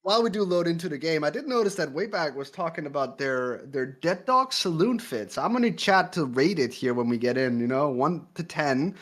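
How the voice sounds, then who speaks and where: Lively, laughing male co-caster. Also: a little high, fairly quick, few pauses. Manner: laughs often, playful mock outrage. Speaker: esports co-caster. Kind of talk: casual live-stream banter.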